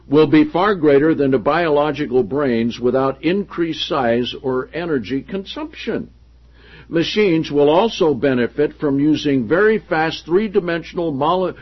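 A man preaching a sermon who reads passages from a book aloud and then comments on them in a lower voice. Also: slightly rough. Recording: dull lo-fi recording.

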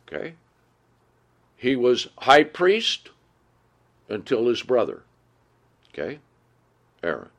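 A man's voice: big pitch swings, takes it slowly, long pauses. Man, Bible teaching sermon, reads verses then explains, asks "okay?", voice jumps up for emphasis. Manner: pitch jumps up when stressing points. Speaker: preacher.

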